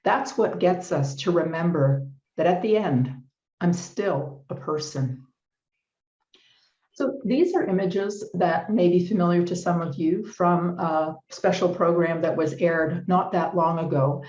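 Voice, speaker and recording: A middle-aged woman giving a formal lecture with slides at a conference, speaking in a measured, deliberate way and stressing key words. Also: on the low side, a little mellow. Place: conference hall. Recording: roomy, slightly muffled hall recording.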